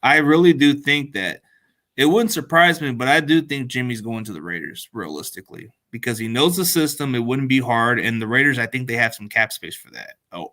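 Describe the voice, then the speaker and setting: A playful man co-hosting a loose sports talk show, with a bright, forward voice. He jokes easily and keeps his talk relaxed. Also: mid-range voice. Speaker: co-host. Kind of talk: casual sports chat.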